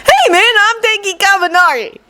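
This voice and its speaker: A woman's voice: very high-pitched, very animated, normal speed, bright, forceful tone, voice pushed up, exaggerated voice. A woman reader voicing a brash, cheerful teenage boy who talks in a chummy, confident way. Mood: cocky.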